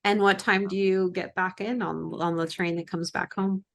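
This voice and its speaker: A woman's voice: mid-range voice, fairly even intonation, moderate pace, vocal fry. A woman co-hosting a podcast in casual chat, mostly giving short reactions and asking brief questions. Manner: short reactions and listening noises. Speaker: podcast co-host.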